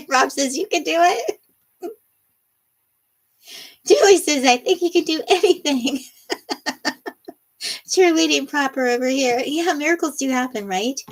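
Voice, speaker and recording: Giggly woman hosting a chatty livestream. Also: high voice. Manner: laughs often, bubbly and chatty. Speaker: livestream host. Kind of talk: casual live-stream chat, reading viewer comments.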